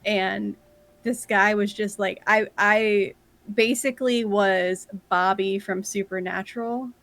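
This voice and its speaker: Animated woman in casual chat. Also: mid-range voice, takes it slowly, a little hiss or hum. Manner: animated, laughs often.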